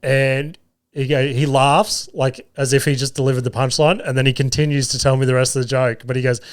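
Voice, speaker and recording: Podcast host, young Aussie man, clear mid-pitched voice, loose and profane anecdote-telling. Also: level tone, brisk. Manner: swearing, laughing anecdotes. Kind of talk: casual storytelling.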